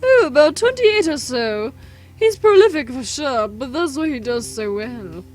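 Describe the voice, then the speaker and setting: A woman voicing a nerdy, eager young male writer in a gushing, high voice over a visual novel. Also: sing-song, a little slow, darkish tone, faint music behind. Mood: enthusiastic.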